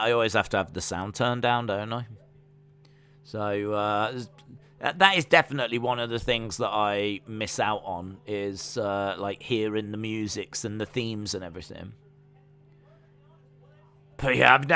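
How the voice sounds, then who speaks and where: Bright, clear-voiced man commentating. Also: fairly low pitch. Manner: chatty, rambling, trails off with fillers. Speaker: live stream host. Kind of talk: casual live reaction and play-by-play commentary.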